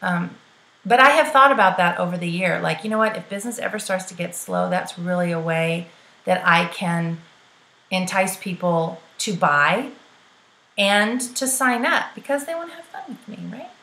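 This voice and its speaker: A woman's voice: lowish voice, normal speed, sharp tone. A woman giving sales coaching to the camera, chatty and peppy, often checking in with "right?" and calling her listeners "girl". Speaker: direct sales trainer. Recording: roomy echo.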